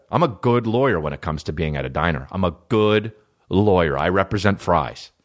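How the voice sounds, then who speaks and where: A male podcast host ranting through a comedic story, swearing often and acting out the other people's lines. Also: lowish voice. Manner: animated storytelling, profane, acts out voices of others. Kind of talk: solo comedic podcast rant.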